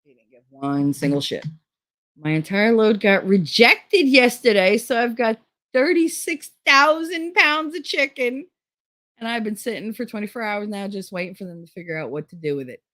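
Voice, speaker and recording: A woman's voice: mid-range voice, animated, a little fast, dry recording. A middle-aged woman from Hoboken, telling stories in blunt, profane casual chat on her channel. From Hoboken, New Jersey. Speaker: channel host.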